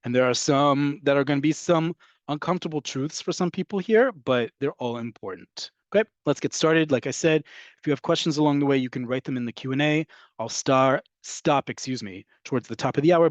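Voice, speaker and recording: Man as teacher of an online class, explanatory, checks in with listeners, middle pitch, dry close mic. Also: a little fast, no room sound. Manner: explanatory, frequent "right?" check-ins. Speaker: Hebrew teacher.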